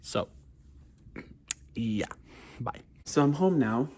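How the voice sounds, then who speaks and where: Regular-pitched guy rambling to his vlog cam, lots of ums, kinda noisy. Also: lively intonation, drawn-out words. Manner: rambling, with many ums and uhs; talks while eating. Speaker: vlogger. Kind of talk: casual vlog chat.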